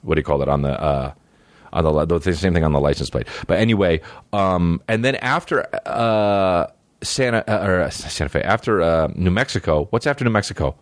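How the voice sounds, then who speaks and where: A man's voice: deep voice, a little fast, no room sound. A male comedian hosting his podcast, telling loose, profane, meandering stories full of fillers in a studio. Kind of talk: rambling casual storytelling. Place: recording studio.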